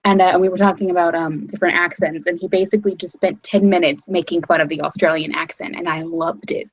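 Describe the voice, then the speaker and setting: A woman's voice: on the low side, fairly even intonation, fast, no room sound, rough recording. A young woman student chatting casually, giggling and rambling with fillers. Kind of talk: casual group chat.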